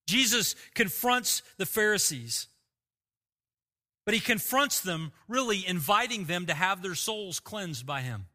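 A male pastor delivering an earnest, emphatic sermon, with pauses and small restarts. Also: high-pitched, expressive, sharp tone.

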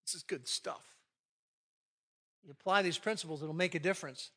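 A man's voice: high voice, normal speed, bright, forceful tone. A man preaching a sermon on marriage to a live audience, acting out quoted arguments with animation. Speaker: pastor leading a marriage session.

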